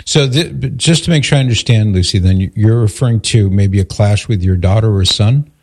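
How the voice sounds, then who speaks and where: A man hosting a call-in radio show, calmly steering and summing up a caller's story. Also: on the low side, a little fast, husky. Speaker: radio talk show host.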